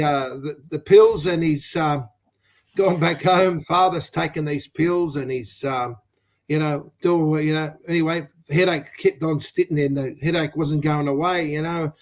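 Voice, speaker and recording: A man telling a crude joke on a footy podcast, rambling and halting with lots of fillers. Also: fairly high pitch, steady tone. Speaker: podcast panelist.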